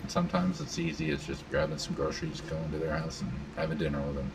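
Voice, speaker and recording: Very deep gravelly man, far from the mic. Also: huge pitch swings, fast. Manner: rambling, filler-heavy, addresses the crowd. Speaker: panel host. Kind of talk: casual live panel talk. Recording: distant mic with loud room noise.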